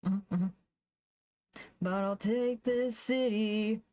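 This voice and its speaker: A woman streamer chatting casually while she draws, thinking aloud, humming to herself and laughing softly, into a desk microphone. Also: medium pitch, extremely slow, no room sound. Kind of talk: casual live-stream chat while drawing.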